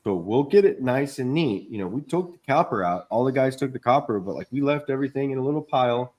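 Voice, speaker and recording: A man's voice: medium pitch, animated, quick pace, a little mellow. A man in casual podcast chat, telling a long job-site story in a rambling way, swearing often and acting out what people said. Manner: rambling storytelling, swears a lot, acts out quotes. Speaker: podcast co-host, contractor.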